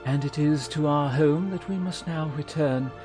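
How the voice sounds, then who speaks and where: A man's voice: fairly high pitch, moderate pace, music in the background, voice pushed up, close to an everyday voice. A man reading aloud the solemn, ceremonial lines of a gracious female elder leader in a game.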